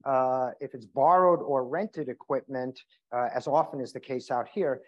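A man's voice: medium pitch, normal speed. A man giving a casual medical talk, lo-fi. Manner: conversational, with many fillers and restarts. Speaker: emergency physician giving a seminar. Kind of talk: informal health talk. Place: seminar room. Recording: dull lo-fi sound.

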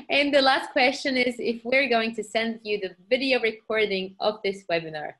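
A woman's voice: a little high, moderate pace, fairly bright tone. A woman co-hosting a webinar, explaining things in a friendly way with some hesitations. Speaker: webinar co-host. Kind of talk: casual webinar Q&A.

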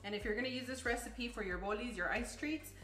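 A woman's voice: fairly high pitch, fast, fairly bright tone, faint music behind. A woman hosting a home cooking channel, explaining recipes step by step in a friendly, chatty way with frequent laughs. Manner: friendly, laughs often, addresses viewers as friends. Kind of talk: recipe instruction with family chat.

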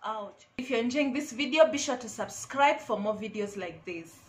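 A woman's voice: on the high side, lively intonation, normal speed. A woman vlogger giving casual, emphatic advice to camera, repeating her key phrases.

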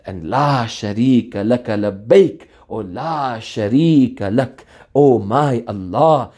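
A man's voice: mid-range voice, expressive, slow, warm tone. A middle-aged man preaching a sermon with fervor, repeating phrases and chanting Arabic supplications. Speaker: Islamic preacher.

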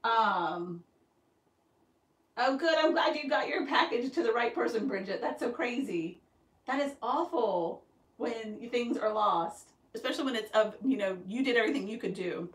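A woman's voice: on the high side, animated, moderate pace. A woman, chatting casually on a live stream from her embroidery workroom and answering viewer comments, often calling herself dumb. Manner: chatty, self-deprecating, reads out viewer comments. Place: home craft workroom with a sewing machine running. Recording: roomy echo, distant mic, faint noise.

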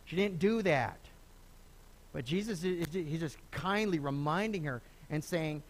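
A middle-aged man preaching a sermon as pastor, conversational and animated, often restarting phrases and acting out the people he quotes. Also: fairly high pitch, a little slow, slight background noise. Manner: lively, conversational preaching with repeated starts and acted quotes. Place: church sanctuary.

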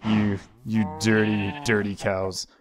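A man's voice: lowish voice, flat delivery, slow, crowd noise. A man hosting his own gaming channel, giving loose, playful gameplay commentary and coaxing the animals on screen.

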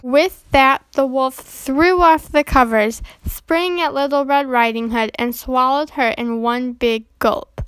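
Female storybook reader, gentle and measured, high-pitched, dry studio sound. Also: smooth, dry recording. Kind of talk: reading a children's storybook aloud.

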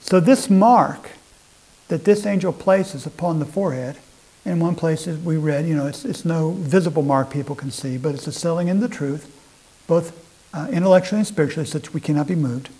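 A man's voice: fairly high pitch, moderate pace, dark tone, slightly rough, low-quality recording. A male pastor giving a sermon to a congregation, reading scripture aloud with earnest emphasis and often restarting his phrases.

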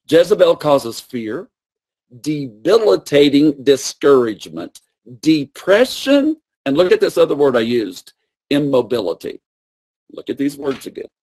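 A man's voice: on the high side, darkish tone. A man preaching a sermon and teaching with emphatic, repeated phrases.

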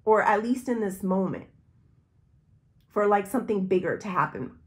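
A woman's voice: mid-range voice, normal speed. Chatty woman giving a tarot reading. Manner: rambling, intuitive, addresses viewer directly. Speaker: tarot reader.

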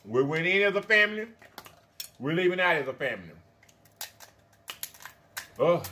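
A man's voice: high-pitched, expressive, moderate pace, long pauses, pushed and bright. A man hosting a mukbang vlog, chatting casually to viewers while eating, calling them y'all and honey, with frequent mm sounds between bites. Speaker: mukbang vlogger.

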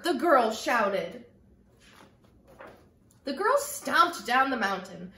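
Expressive woman reading a children's story. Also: on the high side, slow. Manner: expressive, sing-song storytelling. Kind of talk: read-aloud story and children's message. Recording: echoey room.

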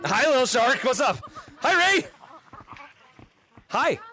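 A man streaming a VR game and greeting fans, energetic and laughing a lot, talking into a headset mic. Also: extremely high pitch, a little hiss or hum. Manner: energetic, laughing often, quick restarts. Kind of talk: excited live gaming chat.

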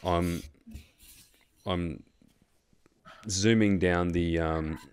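A man's voice: sits low, steady tone, very slow, clean tone. An Australian man hosting a casual chat, telling a long story in a rambling way with lots of fillers, restarts and swearing. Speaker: host.

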